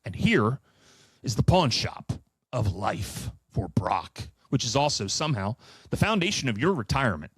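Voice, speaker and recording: A middle-aged man giving an animated solo finance presentation, emphatic and sardonic with profane asides. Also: medium pitch, moderate pace, slightly rough, dry recording. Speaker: finance commentator.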